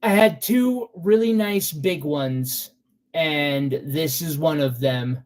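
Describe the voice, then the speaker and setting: A man with a somewhat high voice talks slowly and casually while selling gemstones on a live stream. He is chatty and sentimental, with loose fillers. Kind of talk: casual live sales chat.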